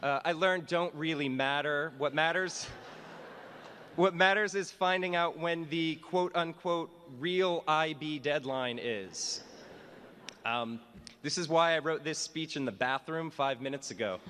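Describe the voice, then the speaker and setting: A man's voice: a little high, a little slow, sharp tone, a little hiss or hum. Wry male teacher in a reverberant hall. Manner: wry, self-mocking delivery. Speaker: teacher giving a commencement speech. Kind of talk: humorous commencement address. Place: school graduation hall.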